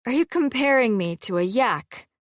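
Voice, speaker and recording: A woman's voice: on the high side, expressive, normal speed, no room sound, studio quality, voice pushed up, close to an everyday voice. A woman voicing a tired, wry housekeeper in her thirties in an audiobook. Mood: weary, wry. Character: weary woman housekeeper, thirties, self-deprecating. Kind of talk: audiobook character reading.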